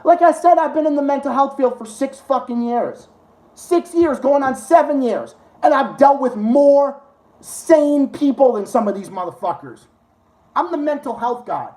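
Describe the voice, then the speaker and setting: A man's voice: extremely high pitch, lively intonation, a little slow, a little mellow. Profane, sarcastic ranting man. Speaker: live-stream host. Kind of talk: ranting live-stream chat. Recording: roomy echo.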